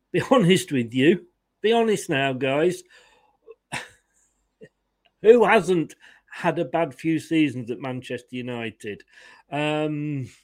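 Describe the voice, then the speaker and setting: Man, football fan host, opinionated chatter with laughs, slightly higher voice. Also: darkish tone. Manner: chatty, opinionated, laughs often, greets viewers. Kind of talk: casual live-stream chat.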